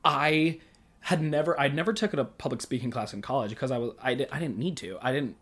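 Young podcast host in their early 20s, rambly and self-conscious, giggles a ton, mid-pitched voice, just chatting away. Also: fast, fairly bright tone, slightly rough. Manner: rambling, giggly, laughs often. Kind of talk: casual solo podcast chat.

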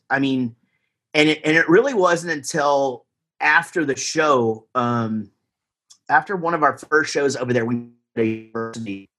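A man's voice: medium pitch, fairly bright tone. A man, chatting in a rambling, easygoing way as a guest musician on a podcast. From Texas, USA. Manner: rambling, lots of fillers and restarts, easygoing. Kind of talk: casual interview chat.

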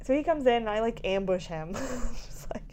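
In casual podcast conversation, a woman in her thirties recounts an exhausting story, fast and animated, in a darkish tone. She laughs her way through, swears freely and acts out her own quotes with big jumps in pitch. A little hiss or hum is audible.

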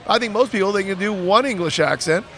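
Animated voice actor, high-pitched man. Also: fast talker. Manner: animated storyteller, slips into character voices. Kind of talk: casual chat.

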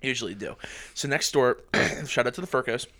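A man's voice: medium pitch, normal speed, bright, forceful tone. A man in his twenties co-hosting a casual podcast, telling a story in a rambling way and correcting himself as he goes. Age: 20s. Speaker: podcast co-host.

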